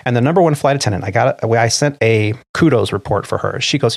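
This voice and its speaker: A man's voice: medium pitch, quick pace, vocal fry, hardly any pauses, no echo, studio quality. A middle-aged man, an airline pilot who co-hosts a podcast, telling a story casually and acting out the dialogue. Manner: animated retelling, acting out quoted dialogue.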